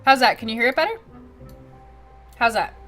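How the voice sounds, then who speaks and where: A woman streamer talks straight to her chat in a bright, lively voice that leaps up and down in pitch. Her tone is casual and animated, with faint game music playing behind her. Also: normal speed.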